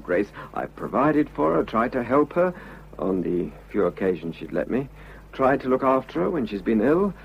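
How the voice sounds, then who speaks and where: An actor playing an unhappily married man who confesses his love, earnest and halting, in a vintage radio drama. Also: mid-range voice, vocal fry, a little hiss or hum. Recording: dull lo-fi old radio recording.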